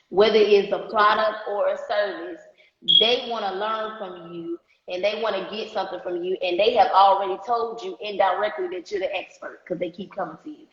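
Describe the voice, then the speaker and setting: Her mid-range, fairly bright voice comes through echoey, dull live stream audio as this woman, a marketing coach, leads a business class. She is emphatic, repeats her main points, and keeps checking in with the audience.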